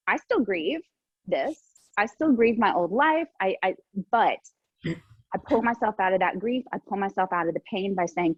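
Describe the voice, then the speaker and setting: Forty-ish lady on a zoom call, husky, dry and kinda muffled, earnest with lots of ums and little laughs. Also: medium pitch, expressive, normal speed, no room sound. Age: 40s. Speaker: panelist. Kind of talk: casual video call discussion. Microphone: video call. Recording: dull lo-fi video call audio.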